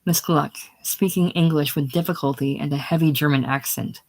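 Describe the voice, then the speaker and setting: A reader calmly reading a play's stage directions aloud in a casual, plain way. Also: mid-range voice, moderate pace.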